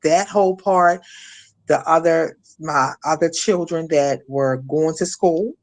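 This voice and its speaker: Middle-aged woman, interview guest, halting speech, restarts and fillers, personal testimony. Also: low voice. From Maryland.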